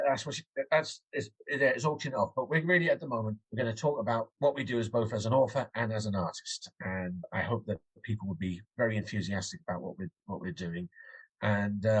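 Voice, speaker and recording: A man's voice: mid-range voice, a little fast, breathy edge, low-quality recording. An English man, an author as guest, chatting casually in an interview, rambling with many restarts.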